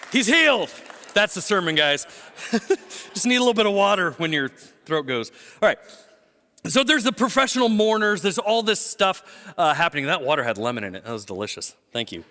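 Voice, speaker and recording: A middle-aged man preaching a sermon in a lively storytelling way, with jokes and acted quotes. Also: a little high. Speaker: pastor. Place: large church auditorium. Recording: long hall reverb.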